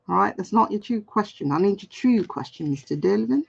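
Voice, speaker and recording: A woman's voice: medium pitch, lively intonation, moderate pace, vocal fry, few pauses, slightly rough, highs cut off. A woman in her forties hosting a casual tarot live stream, chatty and playful, reading chat comments aloud and laughing often. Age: 40s. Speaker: tarot card reader, livestream host.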